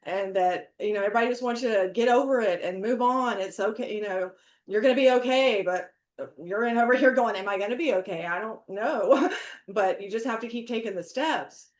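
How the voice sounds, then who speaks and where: A woman's voice: on the high side, a little fast, a little mellow. Tearful middle-aged woman on a video call. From Texas. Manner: tearful, earnest, laughs between phrases. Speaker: author and guest. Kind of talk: emotional video-call interview. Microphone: laptop camera on video call. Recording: echoey room on a video call.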